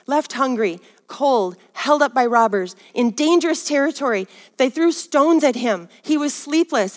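High-voiced woman preaching in a reverberant hall. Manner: rousing, calls for audience response. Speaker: women's Bible study teacher. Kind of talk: teaching sermon. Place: Minnesota.

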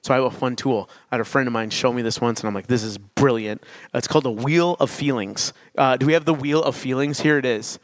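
A man preaching a sermon in church as pastor, telling stories in an energetic, animated way. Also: mid-range voice, fast talker, hardly any pauses, dry recording.

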